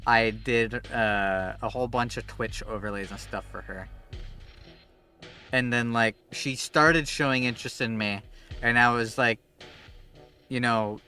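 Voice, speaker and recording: Bright-voiced young man, rambling stream chat. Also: medium pitch, a little slow, soft background music. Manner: rambling, animated, swears freely. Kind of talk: casual chat while gaming.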